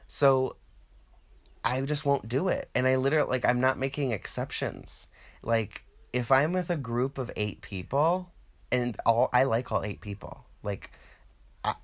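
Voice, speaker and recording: Casting: man, low-pitched, loose and profane, comic rant that acts out other people's lines. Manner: rambling, profane, animated quoting of others. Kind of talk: casual comedic monologue.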